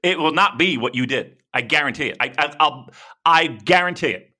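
A co-host on a casual wrestling podcast speaks at normal speed in a fairly high-pitched voice. With a sore shoulder bothering him, he tells rambling, animated stories laced with swearing.

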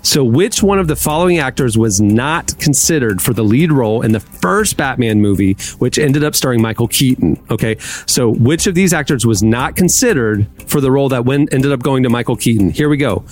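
Lively, playful male quiz host. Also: medium pitch, fairly quick. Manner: playful, emphatic, laughs between questions. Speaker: podcast host running a trivia game. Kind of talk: casual quiz hosting.

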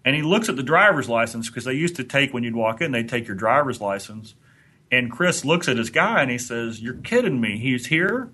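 A man's voice: mid-range voice, lively intonation, fairly quick, bright, forceful tone. Guy on a podcast telling a long story, easygoing and rambly, medium voice. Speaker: podcast co-host. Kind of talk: anecdotal storytelling.

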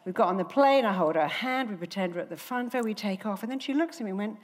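A woman, a therapist, giving a motivational stage talk, telling stories with animated, acted-out voices. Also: mid-range voice, fast talker, hardly any pauses. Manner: animated storytelling, acting out quoted voices. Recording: reverberant hall.

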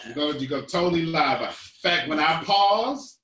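A man leads a group coaching session, joking and teasing his listeners as he goes. His voice is bright and sits a little high. He sounds somewhat distant from the mic, in a room with echo. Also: lively intonation, fast talker. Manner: playful, teasing, laughs often. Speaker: business coach.

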